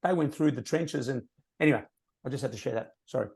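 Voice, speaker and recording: A man's voice: medium pitch, quick pace, gravelly, darkish tone. A man talking passionately and emphatically on a team training call, sharing prospecting tips.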